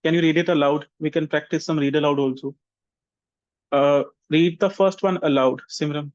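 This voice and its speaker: A man teaching an online vocabulary class, modeling example sentences slowly and deliberately to show intonation. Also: fairly high pitch, fairly even intonation, darkish tone, no echo, muffled recording. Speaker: English teacher.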